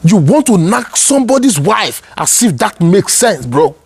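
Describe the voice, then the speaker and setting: A man's voice: high-pitched, sing-song, moderate pace, creaky, a little hiss or hum. A man with a Nigerian accent giving heated, angry political commentary, ranting and repeating himself. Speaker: online news commentator.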